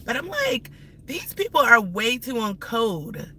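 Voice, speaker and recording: A woman ranting bluntly and profanely while driving, her voice moving between loud outbursts and hushed asides. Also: fairly high pitch, a little slow, slightly rough. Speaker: live-stream host. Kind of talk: ranting live-stream vlog. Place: inside a car while driving. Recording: steady car and road noise.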